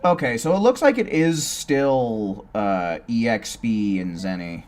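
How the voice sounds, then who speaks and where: A man's voice: medium pitch, animated, unhurried. A laid-back young man from California with a neutral American accent, chatting casually with his live-stream viewers while playing a game. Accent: General American.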